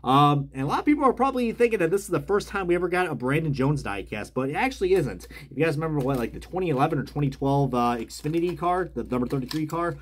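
A man's voice: a little high, expressive, quick pace, hardly any pauses. A man casually reviewing die-cast cars as he unboxes them, chatty and rambling, often correcting himself mid-sentence.

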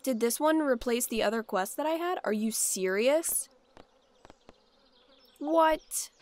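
A woman's voice: fairly high pitch, lively intonation, moderate pace. A woman casually narrating her gameplay, chatting and exclaiming at the characters on screen. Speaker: let's play gamer.

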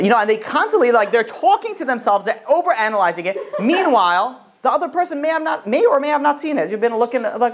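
A man, a rabbi, giving an animated Torah class, often restarting his sentences and acting out the voices he quotes. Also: very high-pitched, fast, few pauses.

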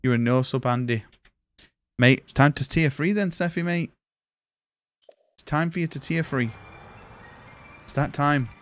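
A young man, chatting excitably and swearing as he streams a video game and thanks viewers. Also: fairly high pitch, a little slow, long pauses, a little hiss or hum. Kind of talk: live gameplay commentary.

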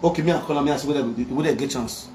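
A man with a Nigerian Pidgin English accent, talking loudly and repeating himself in a casual live video rant from his phone. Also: mid-range voice, racing, a little hiss or hum. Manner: loud, emphatic, repetitive preaching. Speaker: social media commentator.

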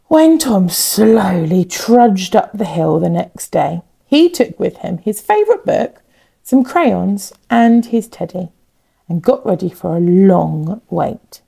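A woman teacher reading a children's picture book aloud, expressive and building suspense with repetition. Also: lowish voice, takes it slowly, vocal fry, husky. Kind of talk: children's storybook read-aloud.

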